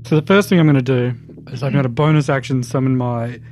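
A man's voice: mid-range voice, fast talker, darkish tone, soft background music. A man playing a tabletop game, insistent as he argues the rules with the game master. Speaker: player.

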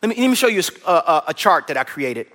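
A high-pitched man preaches a sermon with a bright, forceful ring. His voice carries a long reverb through a church hall. He is lively and folksy, building on repeated phrases and joking with the crowd. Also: very fast. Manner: lively preaching, loud and energetic, with repetition; folksy and playful, cracks jokes with the congregation. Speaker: pastor.

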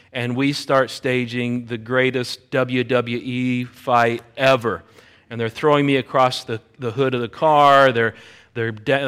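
A middle-aged man preaching a sermon as a pastor. He tells a personal story with lively energy and acts out the voices of the people in it. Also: medium pitch, smooth.

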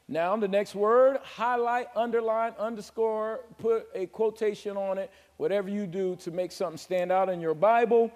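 A male pastor preaching a sermon in a church, calling on the congregation to answer back and slowly drawing out scripture verses. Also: high-pitched, darkish tone. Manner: emphatic call-and-response preaching, drawn-out scripture reading. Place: church sanctuary. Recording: long hall reverb of a church.

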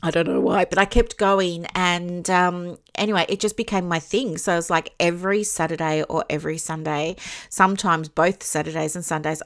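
A woman, a psychologist, telling a personal story in a chatty, rambling way with lots of fillers. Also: lowish voice. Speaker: psychologist and private practice coach. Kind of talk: casual storytelling.

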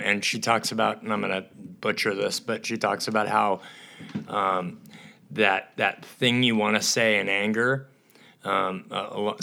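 Gravelly-voiced man in casual chat. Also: fairly low pitch, bright, forceful tone. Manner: halting, with fillers and restarts. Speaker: podcast co-host.

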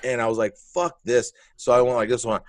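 A comedian guest rattles off a wild story in rapid-fire speech at medium pitch. His talk is casual, blunt and full of swearing, with animated, acted-out moments. There's no room sound.

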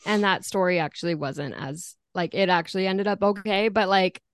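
A woman guest on a podcast, chatting casually in an animated way with frequent restarts. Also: mid-range voice, normal speed. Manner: animated, trailing restarts and laughs.

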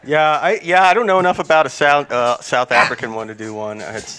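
A man's voice: mid-range voice, fairly even intonation, pushed and bright, clean tone. Joking male podcast co-host. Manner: joking, quick to laugh. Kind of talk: casual chat.

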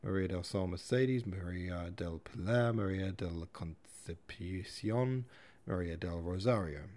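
A man's voice: low-pitched, slow pace, a little mellow. A man voicing a flamboyant middle-aged father who talks in a grand, theatrical and opinionated way in an audiobook reading. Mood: expansive. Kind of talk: audiobook character voice.

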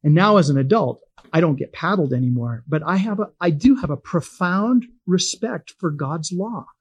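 Husky-voiced folksy male Bible teacher. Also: on the high side, lively intonation, normal speed. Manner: homespun, chuckling, conversational storyteller.

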